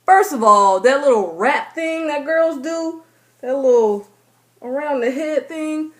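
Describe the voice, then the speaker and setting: A woman's voice: sits high, measured pace. A young woman, chatting casually to her camera and acting out her own thoughts in playful voices. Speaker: vlogger.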